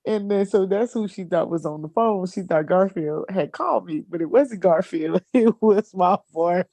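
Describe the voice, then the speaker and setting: A woman's voice: moderate pace, dry recording. A woman chatting casually, telling a funny story with lots of laughter and acted-out quotes. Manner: laughs often, acts out quotes in a high excited voice. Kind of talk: casual chat, animated storytelling.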